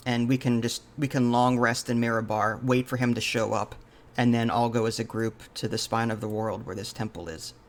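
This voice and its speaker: A man's voice: mid-range voice, steady tone, normal speed. A man playing a tabletop role-playing game in casual chat, polite and thoughtful, often hesitating with "um" and answering "I see". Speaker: player.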